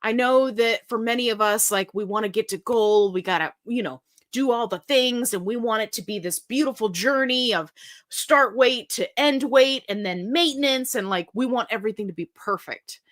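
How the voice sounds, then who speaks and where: A middle-aged woman hosts a live question-and-answer stream, talking casually and warmly to her viewers. She reads their comments aloud and answers in a chatty, lively way. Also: on the high side, moderate pace. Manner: chatty and animated, reads comments aloud, breaks into silly sung bits.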